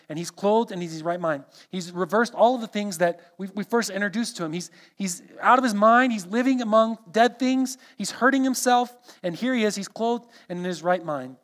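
A man's voice: high-pitched, moderate pace, hardly any pauses, fairly bright tone. A man preaching an earnest expository sermon, walking his listeners through a scripture passage verse by verse.

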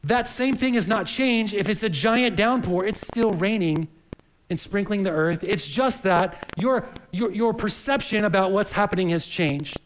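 A man's voice: sits high, a little slow, a little hiss or hum, low-quality recording. A man preaching a sermon in an earnest, searching way, often repeating words as he reaches for the next phrase. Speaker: pastor.

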